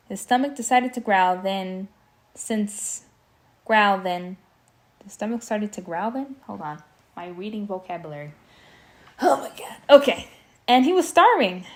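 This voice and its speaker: Young woman reading a spooky kids book out loud, trips on words a lot and cracks jokes, pretty casual. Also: mid-range voice. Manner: stumbles over words and adds joking asides. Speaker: audiobook reader. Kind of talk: casual amateur audiobook reading with commentary.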